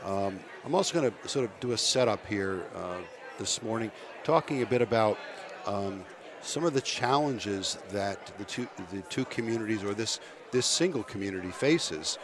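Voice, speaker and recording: Guest man with a cold, very deep voice, crowd chatter behind. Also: animated. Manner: thoughtful, halting explanations with restarts. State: coming down with a cold. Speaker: guest speaker, commission chair. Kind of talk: radio interview.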